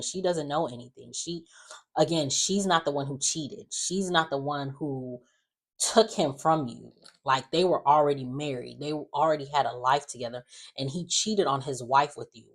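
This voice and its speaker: Soap recap host, casual and opinionated, rambling with asides. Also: mid-range voice. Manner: chatty and opinionated, many fillers and asides.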